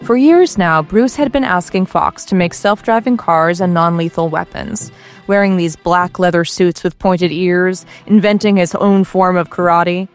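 A woman's voice: lowish voice, a little slow, soft background music. A woman reading a comic parody story aloud with playful, wry asides. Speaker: narrator.

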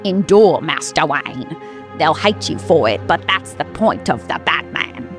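A woman's voice: on the low side, measured pace, music in the background, lightly acted. A woman voicing a loyal, disapproving older male butler who speaks in a dry, stern way, in a comedic spoof story. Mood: solemn.

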